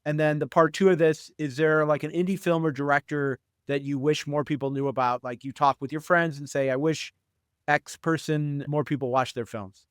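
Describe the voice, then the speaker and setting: A man's voice: on the high side, fairly even intonation, moderate pace, clear, resonant tone, no echo, clean studio sound. A man hosting an indie film podcast, asking questions and praising his guest with enthusiasm. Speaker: podcast host. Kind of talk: podcast interview.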